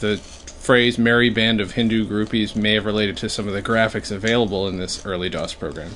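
A man's voice: lowish voice, fairly even intonation, brisk, fairly bright tone, a little hiss or hum. A man from New York co-hosting a casual chat, self-deprecating, laughing often and trailing off mid-sentence. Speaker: podcast co-host.

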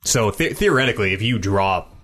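A man's voice: on the low side, expressive, fairly quick, a bit bright. A man co-hosting a podcast, chatting casually and animatedly, rambling and swearing now and then. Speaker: podcast co-host. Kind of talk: casual chat.

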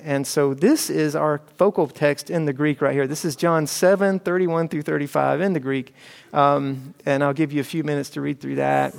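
A man's voice: a little high, gravelly, darkish tone. A man teaching a Bible class in a conversational, explaining way, thinking aloud as he goes, recorded in an echoey hall.

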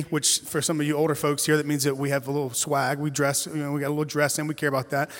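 Animated preaching man in a big hall. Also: on the high side, quick pace. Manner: animated, chatty storytelling with playful asides. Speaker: guest pastor. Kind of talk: sermon. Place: church sanctuary. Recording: reverberant church hall.

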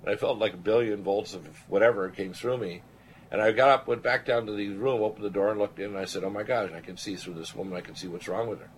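An older man who hosts a radio show, originally from Canada, talks fast in a lowish register with a little noise behind him. He relates his own experience with heartfelt conviction, mimicking the voices of people he cites.

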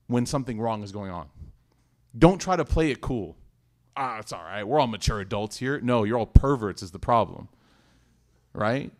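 Animated man giving a religious talk. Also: mid-range voice. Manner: storytelling, animated and jokey, drops to hushed asides. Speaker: Islamic teacher.

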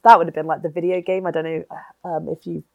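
A woman's voice: low-pitched, little pitch movement, fast, vocal fry, dry recording, phone-quality sound. A woman guest on a podcast, chatting about films in an enthusiastic, sweary way. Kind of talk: casual podcast chat.

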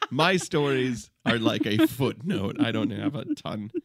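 A man's voice: mid-range voice, lively intonation, slow, a bit bright, no room sound, studio quality. A man co-hosting a podcast in a casual chat, joking and laughing often. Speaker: podcast co-host.

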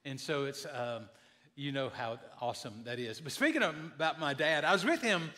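Male pastor, 50s, folksy humorous storyteller with a bright, slightly high voice. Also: expressive, moderate pace. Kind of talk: sermon.

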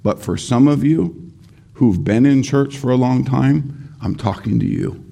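A man preaching a sermon as pastor, earnest, closing in prayer and slowing down for emphasis. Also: medium pitch, creaky, warm tone.

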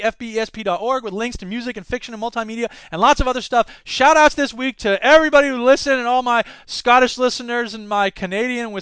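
A man's voice: very high voice, a bit bright, clear, resonant tone, dry recording. A man hosting a solo podcast, rambling and self-mocking in a casual chat. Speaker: podcast host.

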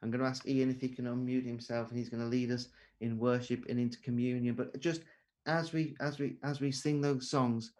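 A man's voice: medium pitch, flat delivery, fairly quick, darkish tone. Man, preacher, online sermon, earnest, rhetorical questions, video call mic.

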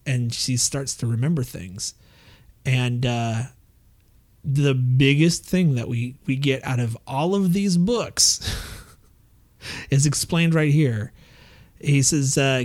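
A man's voice: mid-range voice, slow pace, long pauses, a little mellow. A man casually recapping a comic book story, rambling with many fillers and restarts and acting out the characters' quotes.

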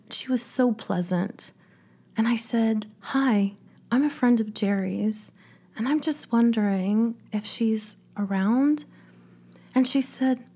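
Husky, soft-voiced woman telling her story. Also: on the high side. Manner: emotional, often drops to a soft whisper. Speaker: speaker and coach. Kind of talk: personal storytelling.

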